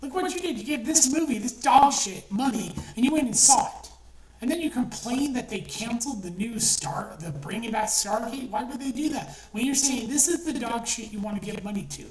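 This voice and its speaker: A woman's voice: fairly high pitch, expressive, normal speed, darkish tone. Middle-aged woman ranting, echoey and distant. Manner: heated, swearing, repetitive. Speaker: online commentator. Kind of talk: angry profane rant. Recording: echoey room, distant from mic, faint noise.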